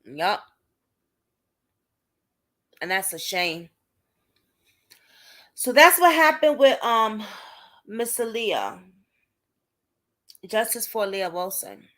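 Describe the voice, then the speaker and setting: Hosting a casual advocacy livestream, a young woman from Brooklyn, New York, speaks to viewers by name, indignant and emphatic, in her Brooklyn accent. Her medium-pitched voice is fairly bright and very animated, though slow and full of frequent pauses.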